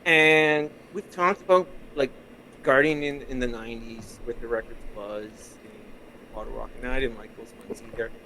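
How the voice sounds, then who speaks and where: A man's voice: medium pitch, steady tone, moderate pace, bright, forceful tone, a little hiss or hum, low-quality recording. A man from Canada with a Canadian accent, a podcast guest chatting casually and rambling easily through his stories over a remote call mic. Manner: easygoing, rambling storyteller. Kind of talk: casual interview chat.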